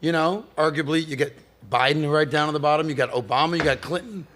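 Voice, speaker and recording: A man's voice: on the high side, fairly even intonation, fast, a bit bright. A man co-hosting a podcast, prompting the others with questions. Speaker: co-host. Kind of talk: casual podcast chat.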